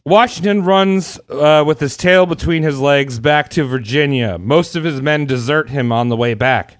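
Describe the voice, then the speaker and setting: A young man with a slightly high voice tells history in a loose, irreverent, swear-heavy way, chuckling along. The sound is dry and close, with no room echo. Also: moderate pace. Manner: irreverent, profane, laughs while telling. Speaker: podcast host telling a history story. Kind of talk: casual storytelling chat.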